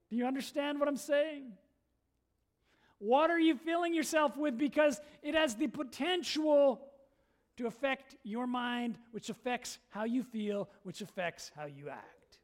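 A middle-aged man preaches as pastor in an unusually high voice. He is earnest and emphatic, leaning hard on key words and then falling quiet to let a point land. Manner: earnest, emphatic, swings between loud stresses and quiet drops. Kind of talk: sermon.

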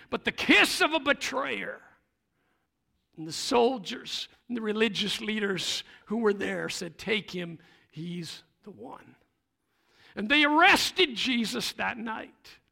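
Slow, gravelly male storyteller. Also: very high-pitched. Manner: slow, emotional delivery that swings between hushed and loud. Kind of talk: dramatic first-person Bible retelling.

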